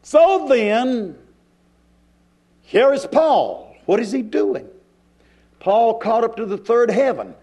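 A male preacher delivering a sermon in a church, with dramatic pauses and shifts in pace. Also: very high-pitched, very animated, dark tone.

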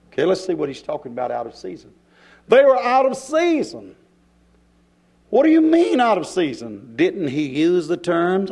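A male preacher delivering a sermon in a church, with dramatic pauses and shifts in pace. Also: high voice, darkish tone.

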